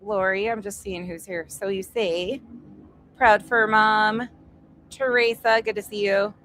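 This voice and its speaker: A woman chats through a casual home livestream, welcoming viewers one at a time and swearing freely. Her medium pitch stays fairly even, her pace measured, her tone fairly bright. The recording is low quality, and construction noise sounds from upstairs.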